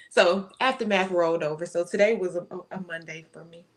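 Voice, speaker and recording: A woman co-hosting a casual chat, telling a story about her day in a self-mocking, laughing way. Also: on the low side. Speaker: co-host.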